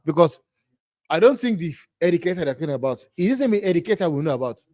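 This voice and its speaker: A man's voice: fairly high pitch, animated, fast talker, a little mellow, no room sound, clean studio sound. Ranting, incredulous football host man. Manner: incredulous, ranting, repeats himself. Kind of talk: live football watch-along chat.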